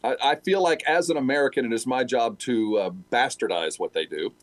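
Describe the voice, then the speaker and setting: A man's voice: medium pitch, a little fast. A man chatting as a panelist, joking in a wry way. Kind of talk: casual panel chat.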